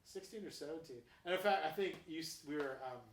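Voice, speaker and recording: A man's voice: a little high, fast, a little hiss or hum. A man hosting a casual interview, friendly and joking with an upbeat manner. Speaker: host. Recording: echoey room, distant mic.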